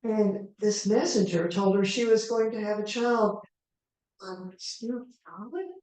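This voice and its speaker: A woman storyteller telling a tale in the first person as a character, in an unhurried, conversational way with asides to the audience. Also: medium pitch, animated, mellow. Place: live performance venue. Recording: echoey hall, mic far off.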